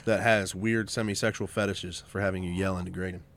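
A man's voice: low-pitched, little pitch movement, a little fast, fairly bright tone. A man co-hosting a podcast in casual, laid-back chat. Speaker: podcast co-host.

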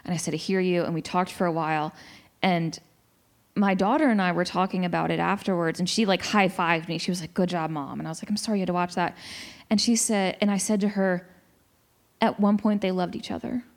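A woman in her forties in a casual discussion, telling a story in an animated way with many restarts. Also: on the low side, fairly quick.

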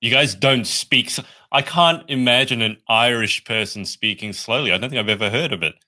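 A man's voice: mid-range voice, a little fast, bright, forceful tone. A man hosting a podcast interview, asking curious, friendly questions in a casual way. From Australia. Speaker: podcast host.

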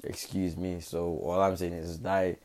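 A man's voice: low voice, level tone, a little slow, a little mellow. A young man giving casual, rambling commentary full of slang and fillers. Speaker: content creator.

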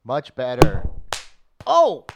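A man's voice: mid-range voice, wildly swooping pitch, very slow, vocal fry, lo-fi sound, loud music behind the voice. Playful man coaching a mock acting scene. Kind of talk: casual chat.

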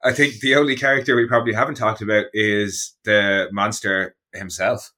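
A man's voice: lowish voice, little pitch movement, normal speed, bright, forceful tone. An Irish man co-hosting a podcast in casual chat, laid-back and laughing often. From Ireland. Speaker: podcast co-host.

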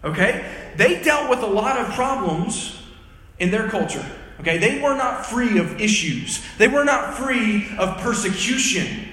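A man's voice: high-pitched, lively intonation, unhurried, sharp tone. A male chaplain preaching a sermon, talking conversationally and checking in with "okay?" and "right?". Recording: echoey hall.

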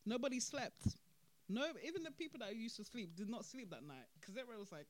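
A podcast host with a medium-pitched voice talks briskly through events in animated, casual commentary, laughing and repeating points for emphasis. The recording is dry.

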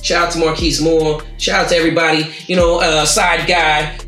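A man's voice: on the high side, flat delivery, moderate pace, bright, forceful tone. Joking podcast host man, echoey room. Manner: loose and joking, talks over others. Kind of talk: casual podcast chat. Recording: roomy sound from a distant mic with music.

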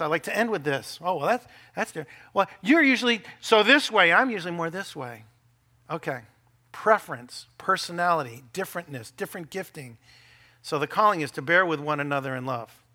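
Bright, high-voiced animated preacher man. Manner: animated, acts out quoted voices, jokes with the congregation. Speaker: pastor. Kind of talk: sermon.

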